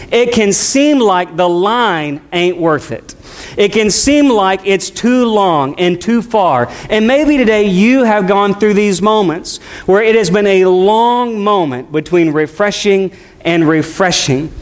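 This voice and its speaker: A middle-aged man, a pastor, preaching a sermon in a conversational way, speeding up and slowing down as he tells a story. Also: high voice. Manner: conversational preaching with shifting pace.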